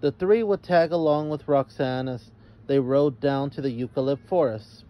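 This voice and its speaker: A man reading a children's story aloud as narrator, in a measured way. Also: mid-range voice, lo-fi sound.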